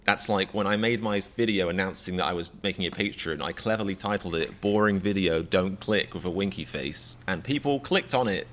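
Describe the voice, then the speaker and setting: A man's voice: low voice, lively intonation, a little fast, hardly any pauses, a bit bright. An English man in his thirties, chatting casually to a live-stream audience in a rambling, self-deprecating, mock-exasperated way. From England. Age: 30s.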